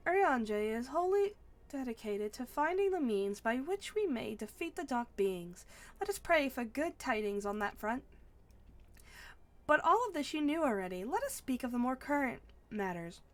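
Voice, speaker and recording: An earnest young heroine from a fantasy game, formal and measured, with a lively, bright rise and fall in her voice, as a woman reads her lines aloud. The delivery stays close to a plain speaking voice, with the occasional stumble and restart. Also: high voice. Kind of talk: reading game dialogue aloud.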